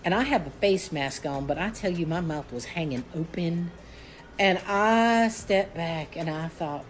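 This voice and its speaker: A woman's voice: lowish voice, unhurried, poor audio. Emphatic 60-something woman storyteller. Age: 60s. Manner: emphatic and dramatic, with blunt swearing. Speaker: guest. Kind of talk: emotional personal storytelling.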